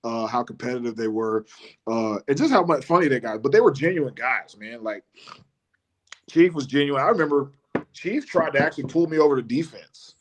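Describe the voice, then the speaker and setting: A man, a former college football player telling casual stories as a guest on a live show, often restarting and laughing. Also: brisk. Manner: animated storyteller who mimics his coach in a high voice, laughs often, many restarts.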